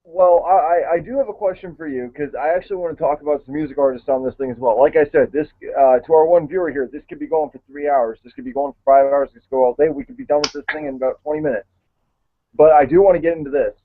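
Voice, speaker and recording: A man hosts a loose conversation, speaking hesitantly with small fillers and restarts. His voice sits slightly high. The sound is thin and tinny, like a phone line. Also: fast talker. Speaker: show host. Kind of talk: casual chat.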